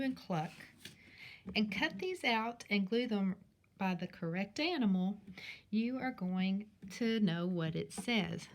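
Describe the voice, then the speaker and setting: A woman teacher speaking slowly and clearly in a sing-song way to young children in a recorded class, with her questions jumping high. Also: a little hiss or hum. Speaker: primary school teacher. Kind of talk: recorded remote class lesson.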